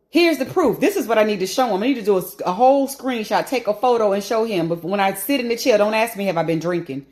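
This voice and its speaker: A woman vlogger at home talking casually to the camera, animated and emphatic, slipping into rants and laughter. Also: mid-range voice, fast talker, hardly any pauses.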